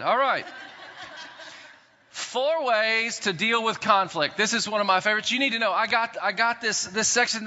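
A pastor preaching a sermon in an animated way, acting out quotes and swinging between loud and soft. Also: male voice, high voice. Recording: dull sound in a long-reverb hall.

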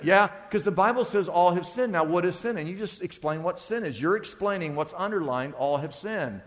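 A male pastor preaching a sermon, acting out back-and-forth dialogues in a lively, conversational way. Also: high-pitched, fairly quick, few pauses, big-room sound.

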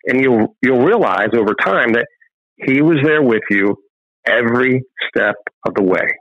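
A man's voice: medium pitch, lively intonation, measured pace, dry recording. Male guest preacher-storyteller, fervent, acts out scripture voices, muffled remote line. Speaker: guest, filmmaker and ministry founder.

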